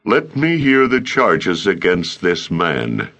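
A man voicing a calm, dignified older male councilman in an audiobook, speaking deliberately. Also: deep voice.

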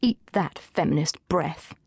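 A woman's voice: sits low, a little slow, gravelly, a little mellow, slightly rough, no echo, studio quality, voice pushed down, exaggerated voice. Audiobook: upbeat, gloating young bride, read by a woman. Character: cheery, self-satisfied young bride-to-be. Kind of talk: audiobook character voice.

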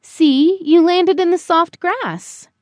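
A woman voicing a gentle mother bird in a children's storybook, sweet and soothing. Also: extremely high pitch, takes it slowly, dry recording, clean studio sound, pitched above the performer's own voice.

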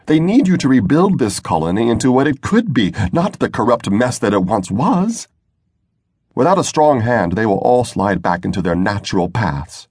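Male narrator playing a forceful, demanding woman spacer; husky and dry. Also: mid-range voice, big pitch swings, normal speed, no room sound, voice pushed up. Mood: pleading. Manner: insistent, forceful. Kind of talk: audiobook narration.

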